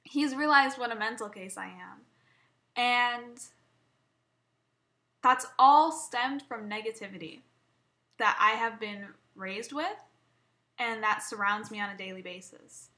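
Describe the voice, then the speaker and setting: A woman's voice: on the high side, slow pace, pauses often, sharp tone. A young woman vlogging an emotional personal rant, rambling and swearing, often stumbling and restarting.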